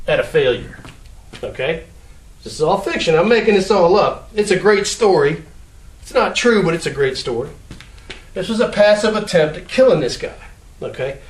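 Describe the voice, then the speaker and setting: A man casually telling a made-up story, acting out sounds and gestures as he goes. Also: high voice. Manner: animated, acts out sounds and gestures. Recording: roomy echo, mic at a distance.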